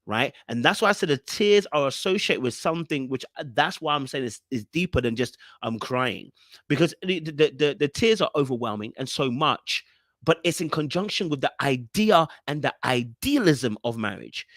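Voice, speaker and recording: A man's voice: mid-range voice, animated, normal speed, a bit bright, no room sound, studio quality. A young man hosting a podcast, giving an emphatic casual monologue and often checking in with his listeners. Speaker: podcast host reviewing a reality show.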